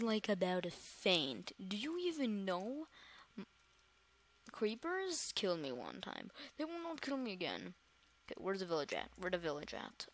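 A woman giving let's-play commentary to her viewers, excitable and dramatic, often repeating words in quick bursts. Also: mid-range voice. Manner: dramatic, talks straight to viewers. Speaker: gamer host.

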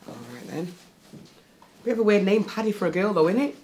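A woman's voice: mid-range voice, brisk, a little mellow, close to an everyday voice. A teenage girl with a British accent playing a female barbershop owner who scolds the boy she raised. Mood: calm. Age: teens. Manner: scolding, exasperated. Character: female barbershop owner, stern caring guardian. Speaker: amateur youth actor. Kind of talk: amateur drama acting. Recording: roomy, echoey room with faint noise.

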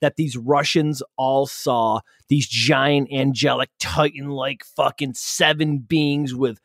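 A man's voice: mid-range voice, fairly even intonation, slow pace, a bit bright, dry recording, clean studio sound. A man co-hosting a podcast in casual chat, joking and teasing his partner. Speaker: podcast co-host.

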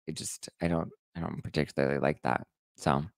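A man hosting a casual live stream, reading viewer comments aloud with animated mock outrage. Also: very deep voice, brisk, gravelly, dry recording, studio quality. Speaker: host reading live chat.

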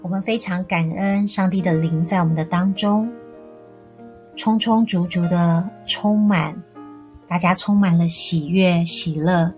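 A woman giving a calm, earnest closing reflection that quotes scripture. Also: on the low side, a little slow. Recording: guitar music behind.

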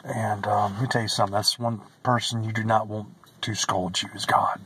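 A man's voice: on the low side, flat delivery, fairly quick, fairly bright tone, slight background noise, low-quality recording. A man giving a personal religious testimony, earnest and emotional, who repeats phrases and sometimes drops to a whisper.

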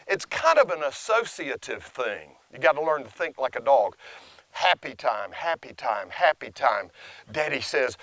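Older male dog trainer, folksy and animated, voice a bit high, dry close sound. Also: a little slow, dry recording. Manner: lively, folksy, praises the dog in a high sing-song. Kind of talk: casual outdoor training vlog.

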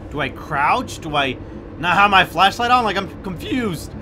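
A young man giving gameplay commentary, swinging from hushed muttering to loud, sweary shouting. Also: sits high, lively intonation, normal speed, soft background music. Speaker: gaming YouTuber.

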